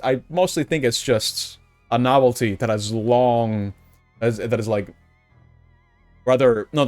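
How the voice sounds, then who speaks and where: A man's voice: medium pitch, no room sound. Young male streamer, casual rambling commentary, lots of restarts, dry close sound, faint music underneath. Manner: rambling, with frequent restarts and filler; gets excited and laughs when recalling fun moments.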